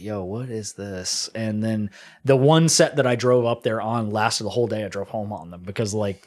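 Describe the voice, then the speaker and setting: A man telling rambling stories in a casual podcast chat, often acting out other people's lines. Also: medium pitch. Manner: rambling storyteller, mock accents. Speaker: guest drifter.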